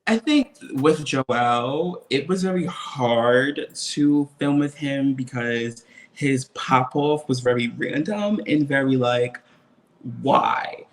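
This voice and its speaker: A man talking casually as a guest in a video-call interview, animated and laughing often. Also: mid-range voice, slow pace. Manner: animated, laughs often, quotes others in acted voices. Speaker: interview guest, reality TV cast member.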